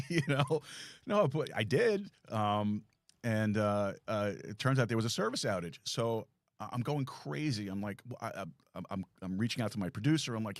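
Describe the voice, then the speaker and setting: A man's voice: mid-range voice, big pitch swings, normal speed, no echo. A man hosting a live talk show from a small studio, telling a rambling self-deprecating story with many restarts.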